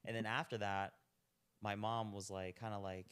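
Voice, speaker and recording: Young male guest, lowish smooth voice, rambling easygoing chat. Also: level tone, moderate pace, fairly bright tone. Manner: laid-back, rambling, lots of "like". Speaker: podcast guest, restaurant owner. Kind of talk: casual chat.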